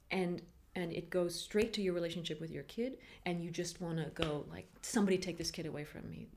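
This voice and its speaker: A woman in her thirties talking frankly in an interview, halting often and laughing as she talks. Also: lowish voice, a little mellow. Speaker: interviewee, mother. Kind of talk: candid interview.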